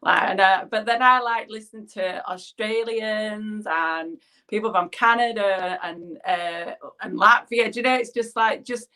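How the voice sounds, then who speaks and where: Here the guest, a woman from England with a Yorkshire accent, keeps up a casual makeup chat at a measured pace with hardly any pauses. Her medium-pitched voice sounds pushed and bright, and she rambles between steps, often giggling.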